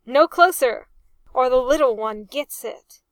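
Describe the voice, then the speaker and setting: A woman voicing a hot-headed young English naval officer who shouts and boasts loudly in a storybook reading. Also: extremely high pitch, wildly swooping pitch, very slow, no room sound, pitched above the performer's own voice, exaggerated voice. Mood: rallying. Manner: loud, indignant shouting.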